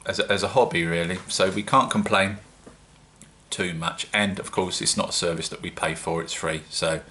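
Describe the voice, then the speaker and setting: Chatty British man, deep and bright. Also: steady tone, moderate pace. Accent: British English. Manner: chatty, rambling, self-mocking. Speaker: home-brewing vlogger. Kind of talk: casual solo vlog.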